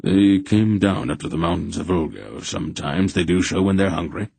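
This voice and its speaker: A man voicing a calm, commanding old sorcerer who speaks steadily and plainly. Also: low voice, normal speed, creaky, slightly rough, no room sound, full character voice.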